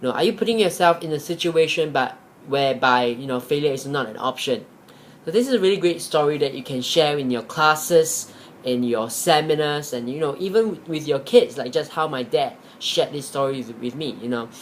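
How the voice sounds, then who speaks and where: A man's voice: on the high side, normal speed, slight background noise. A man vlogging as he retells a motivational story, rambling and leaning on many fillers.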